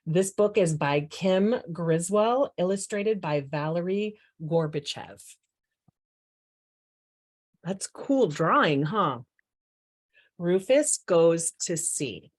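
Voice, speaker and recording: An older woman reading a children's picture book aloud in a gentle, expressive storytelling way. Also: fairly low pitch. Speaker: storybook reader.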